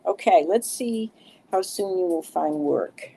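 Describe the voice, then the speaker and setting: A woman's voice: fairly low pitch, expressive, measured pace, creaky, mellow, slight background noise. A middle-aged woman giving live card readings to viewers, soothing and reassuring, with many fillers. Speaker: card reader.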